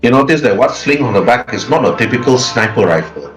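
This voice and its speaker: A man's voice: medium pitch, lively intonation, a little fast, faint music behind, poor audio. Man running a tabletop game. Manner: casual, repeats words and restarts while describing scenes. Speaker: game master.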